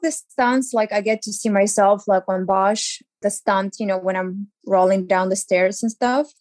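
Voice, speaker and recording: Young woman, actress guest, animated storyteller, dry close sound. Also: mid-range voice, normal speed, dry recording. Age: young adult. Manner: animated storyteller who acts out quotes. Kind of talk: casual interview chat.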